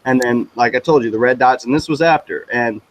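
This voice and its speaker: A man excitedly telling a personal story, swearing freely and acting out the voices of the people in it. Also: medium pitch, brisk, slight background noise, low-quality recording. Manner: animated, profane, mimics voices in the story. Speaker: guest.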